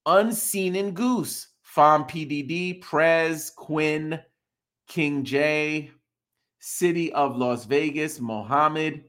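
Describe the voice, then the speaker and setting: Unhurried man reading chat names. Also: on the high side, a bit bright. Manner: reads names one by one with quick reactions. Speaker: podcast host. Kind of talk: live stream shout-outs to chat.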